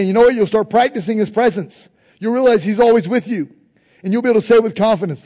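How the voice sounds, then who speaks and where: A man preaching a sermon in informal phrasing, building to emphatic refrains and dropping to soft prayerful tones. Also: sits high, fast talker, big-room sound, dull audio. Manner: preaching with rising emphasis, repeated refrains and call-and-response. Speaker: pastor.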